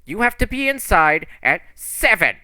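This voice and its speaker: A man voicing a stern woman who scolds a child, loud and raised in pitch, in a tabletop game. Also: very animated, normal speed, dry recording, heavily acted. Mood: scolding. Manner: loud, nagging. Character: stern, scolding big woman in charge of kids.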